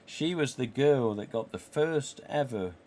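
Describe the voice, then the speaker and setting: Unhurried and expressive, his mid-range voice carries a darkish tone. He's a man from England in his forties, chatting casually on a live stream he hosts, cursing freely and voicing the dialogue he repeats.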